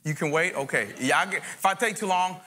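A man's voice: a little high, fairly quick, noisy background. A man, a guest pastor, mixing joking asides with fervent preaching in a church sermon.

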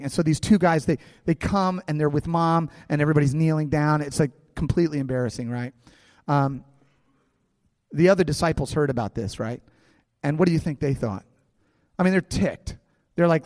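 A man preaching a sermon to his congregation, telling stories with lively asides and quick character voices. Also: a little high, no room sound, clean studio sound, long reverb tail. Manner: animated storytelling, acting out characters. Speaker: pastor.

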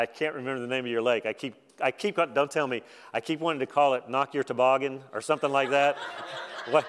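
A man preaching at a conference in a relaxed, conversational way, poking fun at himself. His voice sits at an ordinary middle pitch. The sound carries a long reverb from a big hall. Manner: conversational, self-deprecating preaching with laughs. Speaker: conference speaker. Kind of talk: sermon.

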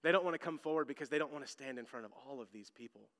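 A man in his thirties, a pastor preaching a sermon, telling stories with loud emphasis and hushed asides. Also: medium pitch, racing, in a large hall.

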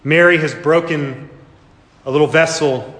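A man's voice: fairly high pitch, measured pace, a bit bright. Man preaching a storytelling sermon in an echoey hall. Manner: vivid storytelling, acts out scenes. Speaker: pastor.

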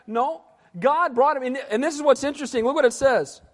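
A male pastor preaching an animated sermon in a church hall and questioning his audience. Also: extremely high pitch, moderate pace.

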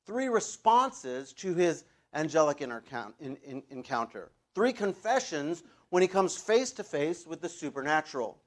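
A man preaching a sermon as the church's pastor, talking in a loose, conversational way with asides and fillers, and getting more animated when he stresses a point. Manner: animated, rises in pitch and volume for emphasis.

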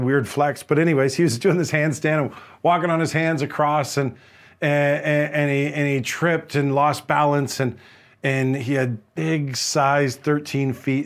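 A man preaching a sermon as a pastor, telling a story in an earnest way, often restarting and repeating words. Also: on the high side.

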